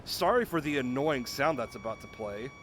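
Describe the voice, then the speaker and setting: A man's voice: mid-range voice, expressive, normal speed, background noise. Rambling, jokey male game streamer. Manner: rambling, jokey, talks to himself while playing. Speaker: gaming streamer. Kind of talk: casual let's-play commentary.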